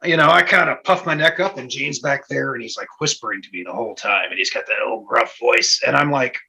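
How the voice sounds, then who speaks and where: A man on a podcast telling a lively anecdote about stunt work, acting out the quotes as he goes. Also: medium pitch, a little fast, gravelly, poor audio. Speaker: guest stunt performer. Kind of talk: casual storytelling on a podcast.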